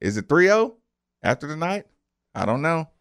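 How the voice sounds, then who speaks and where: A man's voice: a little high, normal speed. A man hosting a sports radio show, joking with his co-host between ad reads and calls. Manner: lively, laughs often, jokes with co-host.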